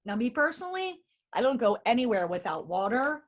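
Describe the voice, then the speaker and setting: A woman's voice: fairly high pitch, sing-song, brisk. A woman presenting a wellness webinar, encouraging the audience and reading their chat replies aloud.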